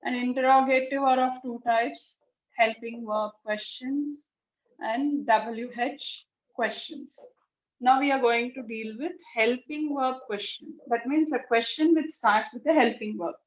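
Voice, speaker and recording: A woman's voice: fairly high pitch, steady tone, measured pace. A woman teaching a grammar lesson, explaining step by step, repeating key words and acting out example sentences. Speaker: English teacher. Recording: echoey, dull classroom recording.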